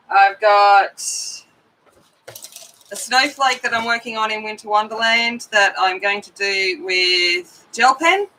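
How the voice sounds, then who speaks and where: A woman's voice: fairly high pitch, bright, forceful tone, rough recording. A middle-aged woman hosting a coloring live stream, chatting casually and rambling as she greets viewers by name.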